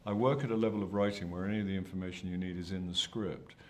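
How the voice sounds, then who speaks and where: Low-voiced older actor, self-deprecating. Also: male voice, steady tone, fast, slight background noise. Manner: hesitant, self-deprecating, many restarts. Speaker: actor being interviewed. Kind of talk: press junket interview.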